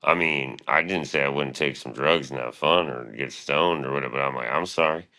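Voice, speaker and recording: A man's voice: very deep voice, a little fast, bright, forceful tone. A man streaming live, rambling casually and profanely about his past and his show, often quoting himself.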